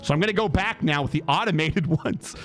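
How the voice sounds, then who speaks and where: Male streamer voicing a curt, irritated female hygienist; flat, lower, bossy delivery. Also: a little fast, faint music behind, natural voice. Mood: curt, scolding. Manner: blunt, flat and scolding. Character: curt, grumpy female dental hygienist, middle-aged.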